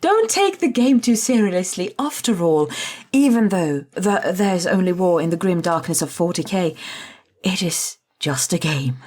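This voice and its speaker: A woman's voice: lowish voice, very animated, unhurried, darkish tone. A woman from Finland chatting on a podcast, playful and giggly, agreeing readily. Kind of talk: casual podcast chat.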